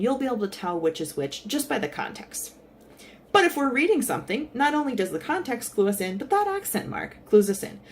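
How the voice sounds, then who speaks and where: Woman, Spanish teacher, casual online lesson, animated delivery, mid pitch. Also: slight background noise. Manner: friendly explaining, lively intonation. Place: in San Salvador.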